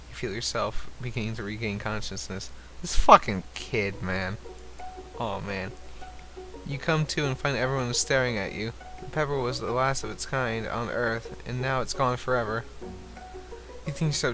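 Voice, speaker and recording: A man's voice: medium pitch, measured pace. A man playing a dating game on stream, reading its text aloud and swearing through sarcastic commentary. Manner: profane, sarcastic, animated outbursts between flat reading. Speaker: streamer playing a visual novel. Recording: faint music behind.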